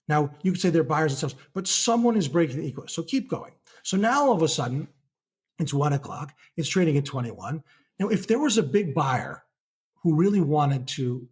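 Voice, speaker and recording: A middle-aged man with a husky voice that sits a little high for a man. He speaks as a guest analyst in a casual podcast interview. He tells his points as lively stories and slips into the voices of the people in them. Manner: animated storyteller who acts out trading-desk dialogue.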